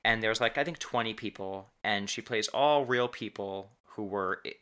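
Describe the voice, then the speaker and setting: Bright-voiced chatty podcast host. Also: mid-range voice, normal speed. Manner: chatty, laughs often, stumbles over words. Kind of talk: casual podcast chat.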